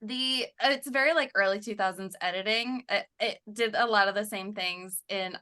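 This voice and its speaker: Bright-voiced woman, laughing film chat. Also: medium pitch, normal speed, clear, resonant tone. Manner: laughing, animated storytelling. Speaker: podcast co-host. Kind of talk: casual chat reviewing a film. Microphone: remote call.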